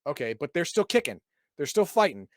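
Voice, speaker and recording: A man's voice: on the high side, big pitch swings, fairly quick, no echo, studio quality. Sarcastic man reading and riffing. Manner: sarcastic, reads passages then adds wry asides; stumbles and repeats words often. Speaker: podcast host reviewing a game book. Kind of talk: casual chat reading and riffing on a book.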